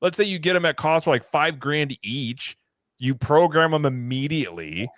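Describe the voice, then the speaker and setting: A man's voice: fairly high pitch, animated, moderate pace, a bit bright, dry recording, studio quality. A man co-hosting a casual livestream chat, joking and reading viewer comments aloud. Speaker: podcast co-host reading chat.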